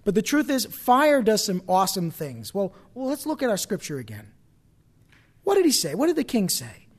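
A man with a fairly high voice preaches a sermon. He climbs loud and forceful when quoting scripture and drops low and quiet for personal stories. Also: big pitch swings, moderate pace.

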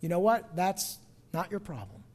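Preaching with a chatty style, the middle-aged New Jersey minister swings between hushed asides and booming, emphatic bursts. His voice is male and pitched high, very animated, at a moderate pace.

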